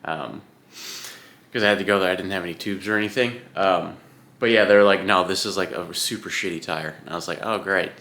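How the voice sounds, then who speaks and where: A man's voice: deep voice, fairly quick, bright, forceful tone. A young man vlogging about his Ironman training, chatting casually at home in front of his camera, rambling and swearing freely as he rants.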